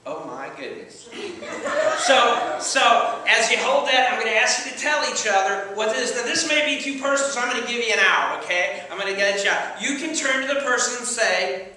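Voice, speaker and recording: A man's voice: very high voice, animated, a little fast, sharp tone, slight background noise. A man preaching a sermon as pastor, conversational and playful, often checking in with the congregation. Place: church sanctuary. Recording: echoey church hall, mic at a distance.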